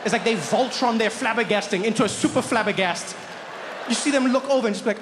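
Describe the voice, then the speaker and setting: A young adult man with a South African accent performing stand-up, telling stories in an animated way and acting out the people in them. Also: sits high, fast talker, background noise. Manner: animated storytelling with acted-out voices. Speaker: stand-up comedian. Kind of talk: stand-up comedy. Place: comedy stage before an audience.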